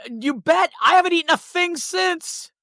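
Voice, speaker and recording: A man hosting a podcast, chatting casually and telling stories with lively swearing. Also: very high voice, normal speed, gravelly, dry recording. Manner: animated storytelling with profanity. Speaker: podcast host. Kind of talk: casual chat.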